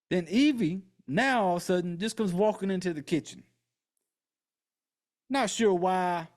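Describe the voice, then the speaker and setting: Excitable, profane man recapping a movie. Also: sits high, a little slow, pauses often. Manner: acts out characters' lines in quotes. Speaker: podcast host.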